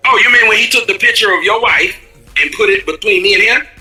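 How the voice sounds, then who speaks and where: A man's voice: high voice, fast, sharp tone, echoey room, faint music behind. A man hosting a livestream, confronting his guest in a heated argument and hammering the same points again and again. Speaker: show host.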